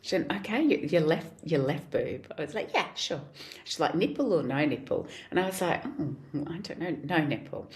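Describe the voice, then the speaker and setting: Speaking at a normal speed in a low-pitched voice, a guest actor in her forties spins lively stories in relaxed chat, often breaking into laughter.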